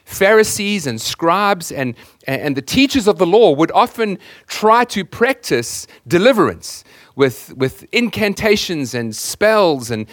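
A man's voice: high-pitched, very animated, measured pace, dry recording, clean studio sound. A man preaching a sermon as the pastor, earnest and emphatic, often repeating words as he searches for the next phrase.

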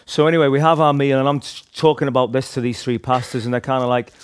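Speaking quickly in a clear, resonant, mid-range voice with fairly even intonation, a man casually tells the story of his street evangelism. He rambles, restarts and leans heavily on "like" and "you know".

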